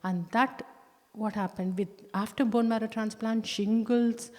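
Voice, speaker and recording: A woman giving a personal testimony in church, talking earnestly and haltingly, with many restarts and with slow stress on key words. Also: a little high, fairly even intonation, mellow. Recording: long church-hall reverb.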